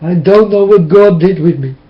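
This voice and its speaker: A man's voice: high-pitched, moderate pace. A man whose first language is Dutch, speaking into a webcam in an emotional, tearful, preaching monologue. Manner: impassioned, tearful, repetitive preaching. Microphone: webcam mic. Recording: dull lo-fi webcam audio.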